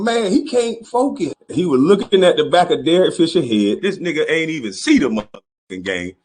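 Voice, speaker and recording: A man's voice: sits high, big pitch swings, a little fast, husky. A man delivering a profane comedic roast rant, laughing often as he goes. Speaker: commentator.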